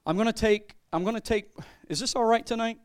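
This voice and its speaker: A man's voice: high-pitched, fairly quick, smooth. A man pastor giving a sermon with a personal testimony, talking in a loose, conversational way and often repeating his words. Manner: conversational, repeats words, laughs, acts out quotes.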